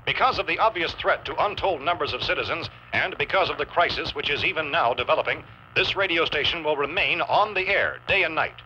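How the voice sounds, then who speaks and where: An actor playing a radio announcer reading an emergency bulletin, formal and measured, heard as a radio broadcast. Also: male voice, on the high side, lively intonation, pushed and bright. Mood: grave. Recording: noisy, dull radio broadcast on old film.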